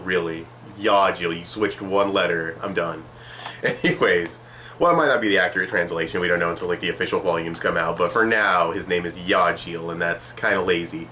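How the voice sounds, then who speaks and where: A man's voice: low-pitched, bright, forceful tone, slight background noise. A young man giving a rambling, sarcastic manga chapter review, swearing casually.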